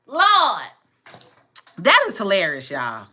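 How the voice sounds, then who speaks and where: A woman's voice: mid-range voice, big pitch swings, unhurried, pushed and bright, slight background noise. A woman hosting a livestream, chatting casually with viewers and laughing often. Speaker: livestream host. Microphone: phone camera.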